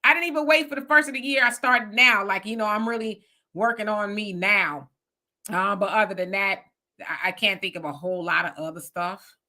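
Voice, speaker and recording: A woman in her fifties talking casually on a panel, blunt and animated, often acting out quoted voices. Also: medium pitch, moderate pace. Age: 50s. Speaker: panel guest. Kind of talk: casual chat.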